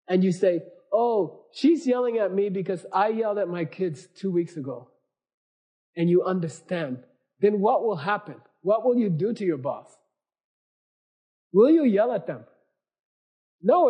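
A man's voice: high-pitched, warm tone, slightly rough. A man giving a Buddhist teaching to a class, explaining earnestly with everyday examples and often checking in with questions like "okay?". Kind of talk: dharma lecture to a class.

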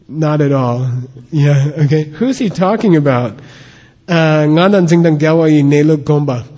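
Brief: male Buddhist lecturer, husky voice pitched a little high, long hall reverb. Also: warm tone. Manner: explanatory, checks in often with "okay?". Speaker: Buddhist teacher. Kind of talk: lecture on a scripture.

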